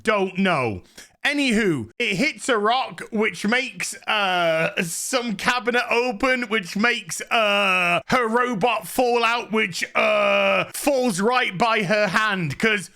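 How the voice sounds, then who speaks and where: A man's voice: high-pitched, animated, slow, bright, forceful tone. A man ranting sarcastically in a show review vlog. He is exasperated and swears often.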